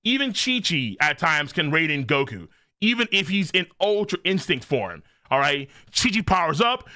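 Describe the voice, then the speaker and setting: A man giving live reaction commentary as a streamer, excitable and profane, thinking aloud as he goes. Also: on the high side, normal speed, hardly any pauses, no room sound, studio quality.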